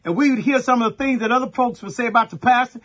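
A middle-aged pastor from Texas, preaching a sermon in a folksy storytelling way and talking straight to the congregation. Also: male voice, very high voice, fast, a bit bright, dull audio.

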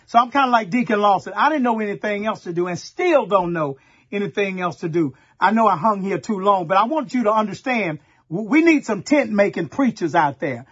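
A middle-aged pastor from Texas, preaching a sermon in a folksy storytelling way and talking straight to the congregation. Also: male voice, high-pitched, animated, fairly quick, a bit bright, breathy edge, muffled recording.

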